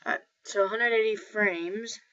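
A woman talking through a software tutorial in a rambling, casual way, often correcting herself. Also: mid-range voice, steady tone, a little slow. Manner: rambling, self-correcting, filler-heavy. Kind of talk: casual screen-recorded tutorial. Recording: dull lo-fi mic with faint noise.

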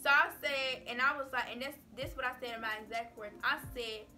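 A woman vlogger tells a story in a casual, sassy, animated way, her voice very bright and a bit high. Soft music plays faintly behind her. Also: fairly quick. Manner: animated, sassy, full of "like" and "baby".

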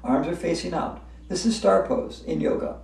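A woman's voice: fairly low pitch, moderate pace, creaky, a little mellow. A woman teaching a yoga class, upbeat, chanting repeated breathing cues and breaking into laughter. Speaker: yoga instructor. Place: hotel room. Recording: echoey room, voice from far off.

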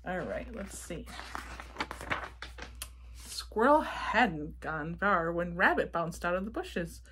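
A woman reading a picture book aloud to children, gently asking them questions about the pictures. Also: lowish voice, big pitch swings, takes it slowly, slight background noise. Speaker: children's storybook reader.

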